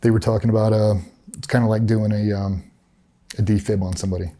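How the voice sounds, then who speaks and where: A man's voice: fairly low pitch, level tone, quick pace, mellow. A middle-aged man recounting a personal story in a candid interview, blunt and matter-of-fact, with frequent swearing. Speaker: interview guest, former special operations veteran.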